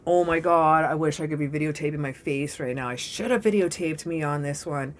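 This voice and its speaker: A woman's voice: deep voice, brisk, hardly any pauses, a little hiss or hum. Aussie woman doing a tarot reading like a wild story, dramatic, swears a lot. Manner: excitable, dramatic, profane. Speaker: tarot reader.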